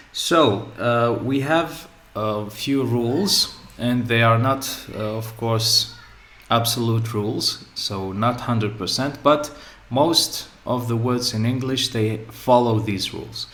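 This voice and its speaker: Slow, deliberate male English teacher. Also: medium pitch, fairly bright tone. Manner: slow, repeats example words several times for emphasis. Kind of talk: grammar lesson. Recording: echoey room.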